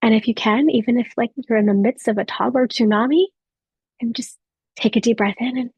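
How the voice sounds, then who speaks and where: A woman in her thirties giving a gentle motivational talk to a live audience of mothers, speaking softly with reflective pauses. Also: a little high, fairly even intonation, breathy edge, dry recording, muffled recording. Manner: soft, warm encouraging delivery with reflective pauses.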